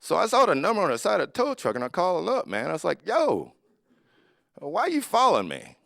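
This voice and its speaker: Gravelly forties comedian, very lively pitch. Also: male voice, brisk, no echo, clean studio sound. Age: 40s. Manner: lively storytelling with acted-out voices. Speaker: stand-up comedian. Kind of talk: stand-up comedy set.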